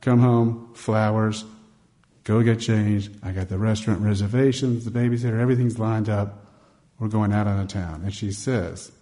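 A man's voice: on the low side, steady tone, normal speed, warm tone. A man preaching a sermon in a conversational storytelling manner, acting out bits of dialogue and growing emphatic on key points.

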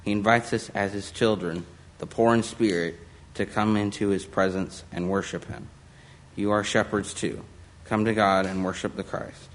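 A man's voice: fairly low pitch, fairly even intonation, normal speed. A man giving an earnest call to worship during a church service. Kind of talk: liturgical address.

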